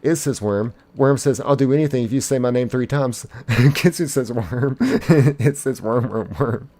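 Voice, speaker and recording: A man streaming a game live, casually reading his chat's messages aloud in a playful, excitable way. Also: mid-range voice. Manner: reads chat messages aloud in quick succession, playful and excitable; casual, uses "y'all". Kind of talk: live gaming stream chat.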